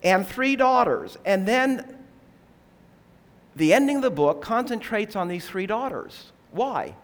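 In a measured, earnest sermon, a man unpacks scripture and asks rhetorical questions, his high voice taking on a sing-song lilt.

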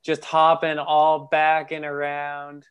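Guy riffing a goofy story on a podcast, kinda high, smooth voice. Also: monotone, slow pace, fairly bright tone. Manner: improvises absurd stories, acts out quoted voices. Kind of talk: casual comedic riffing.

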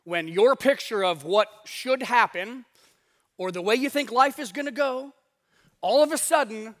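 Bright-voiced, high-pitched male pastor. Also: measured pace. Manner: conversational, acts out voices in asides. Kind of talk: casual sermon. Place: church sanctuary.

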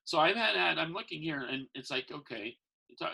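This professional Santa and magician has a high-leaning, animated voice that's creaky, bright, forceful and husky, moving a little fast. He rambles through casual conversational stories, acting out quoted people, on a low-quality recording.

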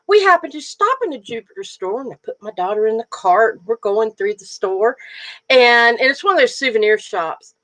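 High-pitched middle-aged woman, animated, bright tone, laughing storyteller, casual co-host. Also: moderate pace. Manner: laughs often, tells lively stories. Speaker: podcast co-host. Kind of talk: casual chat.

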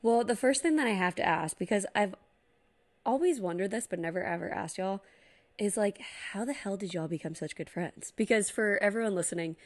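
A woman's voice: mid-range voice, lively intonation, a little fast. A young woman hosting a casual podcast, chatty, laughing often and saying "like" a lot. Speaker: podcast host.

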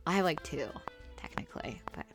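A woman's voice: lowish voice, moderate pace, over music. A woman co-hosting a podcast in casual chat, laughing often and giggly in her banter. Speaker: podcast co-host.

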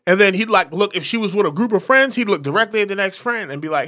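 A man's voice: high-pitched, lively intonation, quick pace, pushed and bright. A man in casual crude chat, telling loose stories and acting out what people said. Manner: loose storytelling, acts out quotes. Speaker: podcast co-host.

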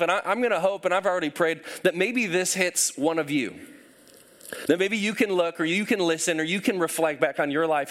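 A man's voice: on the high side, fairly bright tone. A man preaching a sermon to a congregation, telling a personal story with self-deprecating humor and acting out voices. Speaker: pastor.

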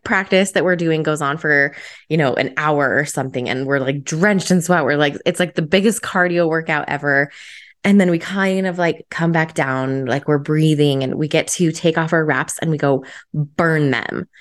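A woman hosting a podcast, telling a personal story in a chatty, enthusiastic way with lots of filler words. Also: lowish voice. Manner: chatty, filler-heavy with frequent "like"; enthusiastic, energetic. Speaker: podcast host.

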